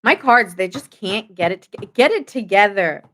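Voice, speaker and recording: A woman's voice: mid-range voice, lively intonation, normal speed, fairly bright tone. A woman giving a casual late-night tarot reading, chatty and goofy, joking often. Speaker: tarot reader.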